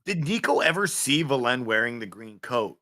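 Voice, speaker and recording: A man's voice: mid-range voice, very animated, normal speed, sharp tone. A man playing in a live-play tabletop game, tentative and prone to restarting his sentences. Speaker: player.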